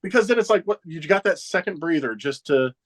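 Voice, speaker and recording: Chuckling wrestler spinning backstage stories. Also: male voice, fairly high pitch, a little fast. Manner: animated anecdotes, chuckling often, acts out others' lines. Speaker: professional wrestler guest. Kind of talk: casual storytelling interview.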